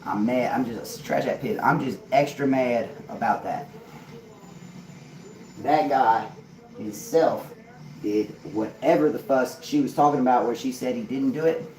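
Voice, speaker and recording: A man's voice: medium pitch, a little slow, a little mellow. A man rambling on a live stream, swearing and laughing to himself, heard from far off in an echoey room. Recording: echoey room, mic far off, crowd noise.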